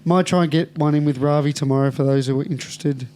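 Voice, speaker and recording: A man's voice: a little high, steady tone, fast, darkish tone, a little hiss or hum. A young Australian man co-hosting a podcast in casual chat, sounding nasal and congested from a cold, blokey and sweary, laughing often. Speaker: podcast co-host.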